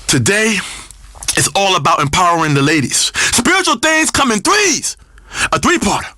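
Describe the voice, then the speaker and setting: An actor playing a crude, boastful male spiritual-guru radio host, preaching loudly and swinging between growls and shouts. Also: high voice, very animated, normal speed, dry recording, clean studio sound, full character voice. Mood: brash. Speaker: radio talk show host. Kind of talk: comedic radio talk show.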